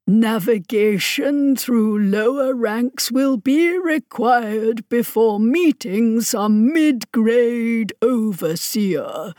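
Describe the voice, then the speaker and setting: Woman doing a pedantic alien minister, artificial old male voice, raised pitch, dry close sound, storybook. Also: a little mellow, dry recording. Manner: grindingly slow, pedantic. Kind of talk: audiobook character voice.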